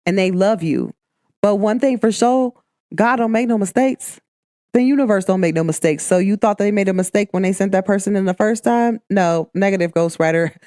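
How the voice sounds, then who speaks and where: A woman's voice: medium pitch, darkish tone, dry recording, clean studio sound. A woman hosting a podcast, giving emphatic, preachy spiritual advice in a casual talk. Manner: emphatic and preachy, calls listeners "baby". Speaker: podcast host.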